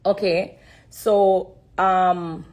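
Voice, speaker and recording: A woman giving an emotional personal testimony on a live stream, earnest and repetitive, pausing to steady herself and close to tears. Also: on the low side.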